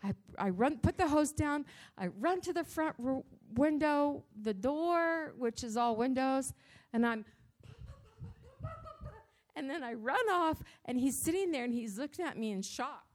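Woman telling a story at church, slow and lively, voice a bit high, jumps up loud in spots. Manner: animated, dramatic storytelling with sudden rises in pitch and volume. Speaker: church speaker. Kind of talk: storytelling devotional talk.

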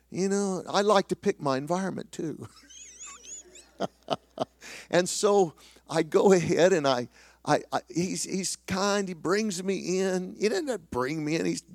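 Man preaching, lively up-and-down pitch, dry close sound, self-deprecating storytelling. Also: no echo. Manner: animated, self-deprecating storyteller with many restarts. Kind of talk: sermon storytelling.

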